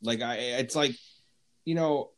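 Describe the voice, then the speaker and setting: Male podcast co-host, mid-pitched, blunt profane delivery in quick bursts. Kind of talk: casual podcast chat.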